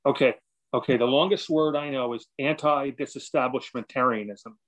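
A man's voice: mid-range voice, moderate pace, highs cut off. A man taking part in an online workshop over a video call, curious and checking that he understands. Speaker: workshop participant. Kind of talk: asking questions in an online workshop.

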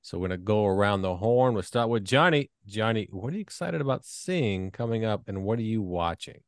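A man's voice: on the low side, expressive, brisk, no room sound, clean studio sound. A man hosting a podcast in casual chat, crude and joking as he leads the segments. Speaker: podcast host.

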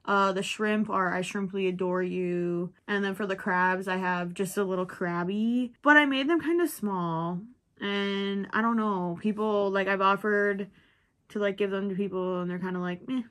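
A woman's voice: medium pitch, moderate pace, a bit bright. A young woman from Minnesota with a Minnesotan accent, chatting in a rambling, giggly way while she crochets for her vlog. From Minnesota, USA. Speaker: crochet vlogger. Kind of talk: casual chat while crocheting.

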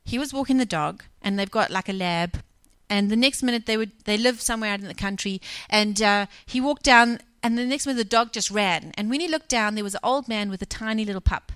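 A woman's voice: mid-range voice, brisk, few pauses, a bit bright, clean tone, dry recording. A woman preacher telling a story in a conversational sermon, acting out the dialogue of the people in it. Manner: conversational, retells scenes with quoted dialogue. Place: church.

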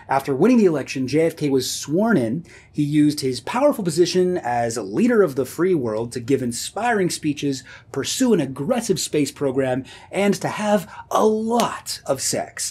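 A man who hosts his own video series, narrating history in a comedic scripted style with sardonic deadpan asides. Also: on the high side, husky. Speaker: video host.

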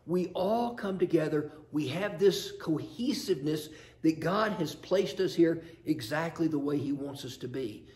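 A man's voice: on the high side, darkish tone. A man preaching a sermon as pastor in a chapel, earnest and storytelling, posing rhetorical questions.

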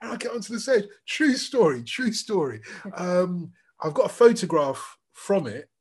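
A man, a podcast co-host chatting casually and telling lively anecdotes. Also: high-pitched, normal speed, husky. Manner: animated anecdotal storyteller, restarts sentences. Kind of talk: casual chat.

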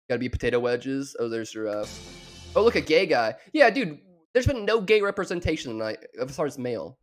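A man's voice: mid-range voice, big pitch swings, a little fast. A young man from the American South with a Southern accent, rambling crudely and mockingly while reacting to a show as a streamer. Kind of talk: profane reaction commentary.

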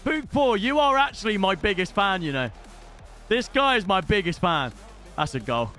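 A young British man streaming his gameplay, his voice pitched high and bouncing all over the place as he reacts. The tone is bright and sharp, with casual swearing and sudden shouts. Faint game music plays underneath. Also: moderate pace. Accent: British English. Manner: excitable, swears casually, shouts at big moments. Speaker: gaming streamer. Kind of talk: live gameplay commentary.

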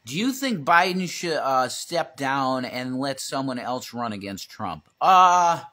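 A man's voice: mid-range voice, lively intonation, measured pace, sharp tone. A man co-hosting a casual livestream, rambling, swearing freely and reading chat comments aloud. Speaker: livestream co-host.

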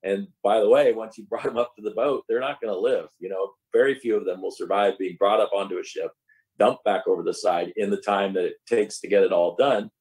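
Low-voiced man explaining at length. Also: fairly quick, darkish tone, low-quality recording. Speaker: crew member. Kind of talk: casual panel chat.

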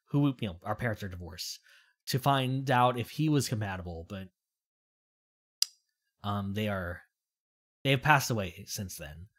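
A young woman streaming a game, chatting casually and explaining the story in a rambling way. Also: very deep voice. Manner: chatty, rambling, reads game text aloud.

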